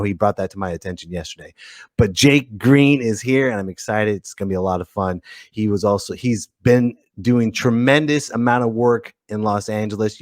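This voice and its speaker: A man's voice: on the low side, no echo, studio quality. A man hosting a casual livestream podcast, talking in a playful, jokey way. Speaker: host.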